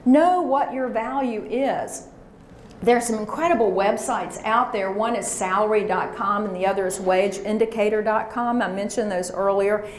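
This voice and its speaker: A woman with a mid-range voice speaks at a normal speed, leading a workshop and energetically coaching a live audience through call-and-response chants. She's in a large room full of people, and the recording is echoey with slight background noise.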